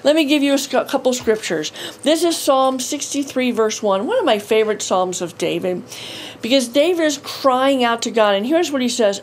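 A woman's voice: a little high, expressive, normal speed, a little hiss or hum, poor audio. A middle-aged woman giving an earnest, emphatic devotional teaching, repeating key phrases for weight. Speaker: Christian teacher.

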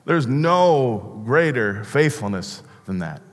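A man preaching a sermon as pastor, earnest and halting, often restarting his words. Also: mid-range voice, animated. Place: church sanctuary. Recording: long church reverb.

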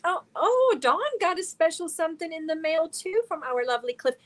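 A woman's voice: very high-pitched, expressive, a little fast, rough recording. A woman from Germany hosting a casual crochet livestream, talking earnestly and emotionally while reading viewer comments aloud. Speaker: crochet channel host.

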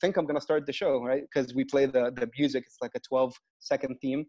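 Speaking fast in a mid-range voice, this Egyptian comedian chats casually as a guest in an interview. He performs bits of his stage act with lively storytelling and plenty of profanity, heard over muffled, low-fidelity video call sound.

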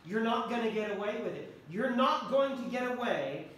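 High-voiced preacher in an echoey hall. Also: male voice, animated, normal speed, a bit bright, a little hiss or hum. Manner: earnest, repeats key phrases for emphasis. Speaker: pastor. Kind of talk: sermon. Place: church sanctuary. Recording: echoey church hall from far off.

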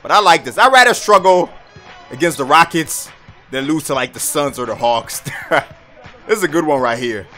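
A man giving excited live commentary over his own basketball video game, shouting at big plays. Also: on the high side, moderate pace, soft background music. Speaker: gaming YouTuber.

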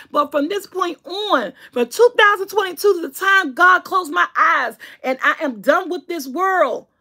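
A woman's voice: sits high, gravelly, a bit bright. A woman talking earnestly and emotionally to camera from home, often repeating herself as she makes her point. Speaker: vlogger. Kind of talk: casual heartfelt talk to camera. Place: at home on a couch.

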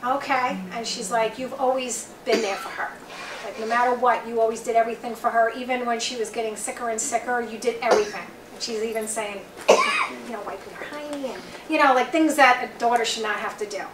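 A woman's voice: a little high, fairly even intonation, brisk. A woman with a Long Island accent giving a chatty, rambling psychic reading to a small group, relaying messages in quotes. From Long Island, New York. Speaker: psychic reader. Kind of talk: live psychic reading for an audience. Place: bookstore event room, small group. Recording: roomy, from far off, faint noise.

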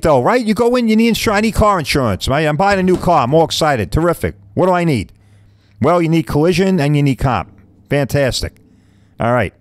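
A man's voice: on the low side, no room sound. A man in his fifties, a podcast host, talking casually and bluntly, rambling and mild swearing, often asking "right?". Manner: chatty, keeps asking "right?".

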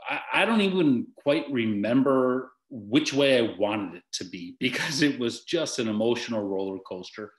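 A middle-aged man, a guest in an interview, speaking haltingly with frequent restarts and pauses. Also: medium pitch, expressive. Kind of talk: conversational interview. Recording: echoey room.

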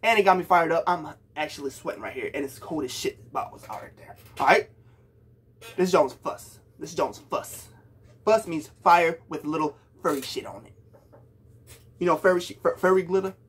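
A man's voice: on the high side, moderate pace, fairly bright tone, husky. A young man from Puerto Rico giving a hyped, slangy reaction to a song for his viewers, calling them bro. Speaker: music reaction youtuber. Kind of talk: casual music reaction talk.

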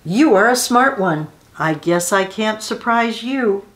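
A woman's voice: medium pitch, expressive, slow. A woman reading as a cheerful village mother.

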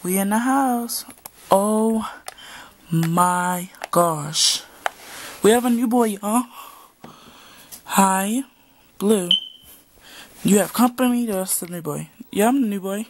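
Lady voicing all the guys in a homemade drama, slow and kinda low, faint hiss under it. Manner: casual slangy dialogue, switching between several young-men characters. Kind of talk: homemade voiced drama, one performer doing all roles.

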